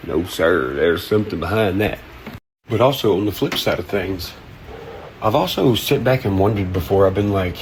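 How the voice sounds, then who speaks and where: A man's voice: low-pitched, expressive, moderate pace, a little hiss or hum. A man ranting casually in a vlog, profane, laid-back and rambling. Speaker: content creator.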